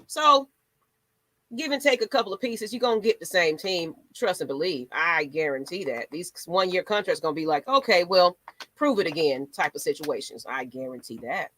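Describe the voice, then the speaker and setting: A woman's voice: lowish voice, expressive, moderate pace, fairly bright tone. A woman hosting a fan channel, ranting in a sassy, dramatic way. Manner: sassy, dramatic, rants with mock voices. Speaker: sports channel host. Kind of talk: animated fan commentary.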